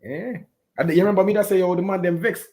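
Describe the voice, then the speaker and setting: A man with a Jamaican accent giving an animated, patois-heavy post-match reaction on a football game. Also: sits high, quick pace. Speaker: football fan pundit.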